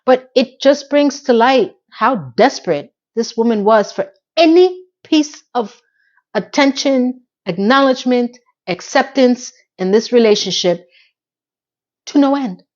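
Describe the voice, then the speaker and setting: A woman's voice: fairly high pitch, unhurried, darkish tone, highs cut off. A woman giving a casual, chatty recap of a TV episode, with asides and playful impressions. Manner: chatty and conversational, with asides, mock sound effects and impressions of characters.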